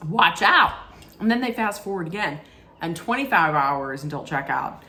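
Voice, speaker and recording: A middle-aged woman recapping a reality show in a casual, rambling way, often correcting herself mid-sentence and throwing in animated asides. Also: on the low side, normal speed, slight background noise. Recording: echoey room with faint ambience.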